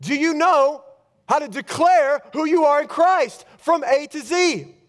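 Pastor, male, high-pitched, preaching in a church, fervent then hushed. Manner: emphatic preaching, rapid-fire declarations with rising intensity. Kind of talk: sermon.

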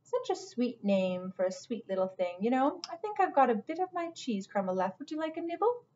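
A woman's voice: high voice, lively intonation, normal speed, a bit bright, voice pushed up. A doting, plump porcupine cook fusses over everyone in a raised, bustling voice, a woman doing her. She calls everyone dear. The recording is dull and lo-fi. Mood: fussing. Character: plump fussing motherly female porcupine cook.

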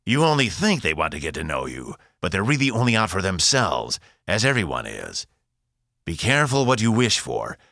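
A man reading an audiobook voices a cruel phantom father with a gravelly, taunting voice. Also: sits low, wildly swooping pitch, normal speed, pushed and bright, no room sound, clean studio sound, heavily acted. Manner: taunting, cold.

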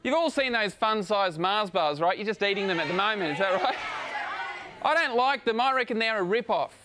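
A young Australian man doing a stand-up routine on stage, with dry, deadpan jokes. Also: sits high, a little fast, some chatter behind, a little hiss or hum. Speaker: stand-up comedian. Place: comedy stage before a live crowd.

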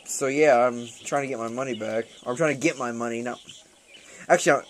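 A young man rants about his troubles while playing a shooter game, his talk loose, profane and full of restarts. He laughs often and his pitch sits in a middle range. Faint background noise runs under the voice. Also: steady tone, fairly quick.

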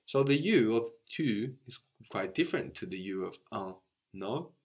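A man's voice: lowish voice, lively intonation, unhurried. A man teaching a language lesson, explaining step by step in a patient way and often checking in with a questioning "no?".

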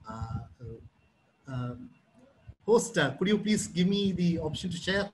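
A man's voice: sits high, measured pace, fairly bright tone, a little hiss or hum, poor audio. A man from Kerala, India, speaking as a pastor at an online youth Bible study, chatty, acting out both sides of a phone conversation while telling a story.

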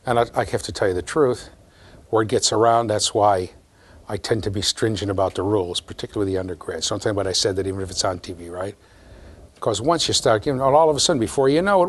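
A man's voice: on the low side, fast talker, breathy edge. A man giving a university lecture to a large class, playful and talking straight to his students. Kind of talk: classroom lecture with live demonstration.

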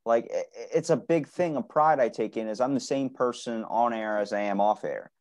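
A man's voice: medium pitch, normal speed, darkish tone. A man hosting a podcast in casual conversation, blunt and emphatic, swearing freely. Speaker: podcast host.

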